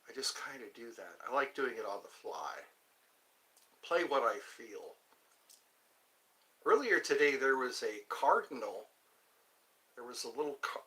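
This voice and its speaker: A man hosting a casual livestream, greeting viewers by name and answering their comments in an unhurried, friendly way. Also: medium pitch, bright, forceful tone, poor audio. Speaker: livestream host. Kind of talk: casual livestream chat, greeting viewers between flute playing.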